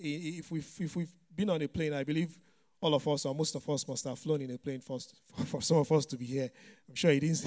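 With a fairly high, warm voice, a man preaches a sermon in a chatty, conversational way. He sprinkles in plenty of "you know" fillers and chuckles lightly and often.

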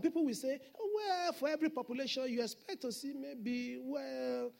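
High-voiced man preaching emphatically. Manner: emphatic preaching with repeated declarations. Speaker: senior pastor. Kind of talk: Sunday sermon.

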